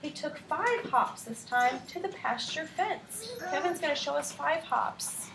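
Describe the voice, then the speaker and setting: A woman teacher in a classroom, reading a picture book aloud to her class with an animated read-aloud voice and asking the children questions. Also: high voice, unhurried, creaky, noisy background.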